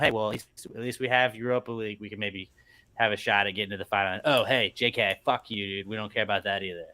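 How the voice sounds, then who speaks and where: A man's voice: lowish voice, quick pace, bright, forceful tone. A man co-hosting a podcast in casual chat, ranting and swearing in exasperation. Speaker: podcast co-host.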